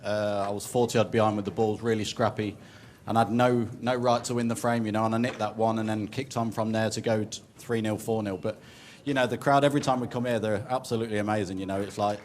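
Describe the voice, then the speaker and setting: A man's voice: lowish voice, steady tone, quick pace, slight background noise. A man, a snooker player, chatting in a post-match interview with lots of "you know".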